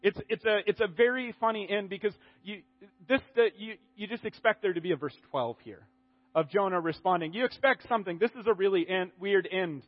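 A man preaching a sermon in a conversational, animated way, often restarting his sentences. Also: sits high, fairly quick, highs cut off.

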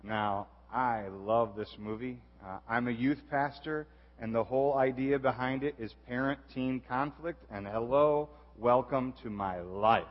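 A man's voice: medium pitch, unhurried. A young man, a youth pastor, giving a chatty, self-deprecating sermon introduction full of fillers. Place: church auditorium. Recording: dull echoey church hall.

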